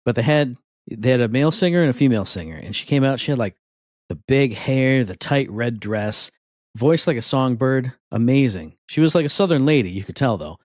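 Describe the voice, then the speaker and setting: A man's voice: medium pitch, a little fast, no echo. Laid-back man in his thirties, podcast co-host, rambly storyteller, dry close sound. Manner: rambling, animated storytelling with voiced asides. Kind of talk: casual chat.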